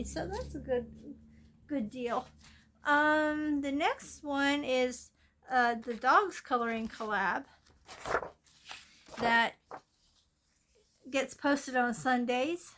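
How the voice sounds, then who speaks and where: A woman's voice: high voice, a bit bright, a little hiss or hum. A woman hosting a coloring channel, chatting casually and meandering with fillers and restarts, filmed on a phone from above at her craft table. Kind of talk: casual show-and-tell of coloring plans. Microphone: phone filming from above.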